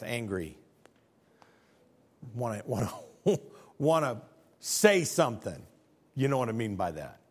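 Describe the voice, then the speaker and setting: Guy pastor preaching, fairly high voice, jokey, lots of rhetorical questions to the crowd. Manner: humorous, animated storytelling with rhetorical questions. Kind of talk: sermon.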